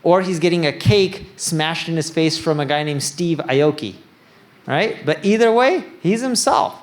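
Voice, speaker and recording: A man's voice: fairly high pitch, lively intonation, unhurried. A man giving a conference keynote in a casual, self-deprecating way, plain-spoken and a bit nerdy, with a joking tone. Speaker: keynote speaker. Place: conference stage before an audience.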